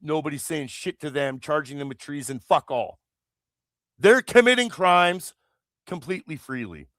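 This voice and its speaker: Moderately paced with lively intonation, a slightly high, somewhat bright male voice rants on a political livestream. The Canadian host swears heavily and rambles with restarts, recorded in clean studio sound with no room sound.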